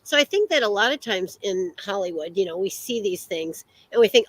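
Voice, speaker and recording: American woman, podcast co-host, chatty and meandering, mid pitch. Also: lively intonation, a little fast, a bit bright, no room sound, rough recording. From United States. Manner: rambling, many fillers and restarts. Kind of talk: casual chat.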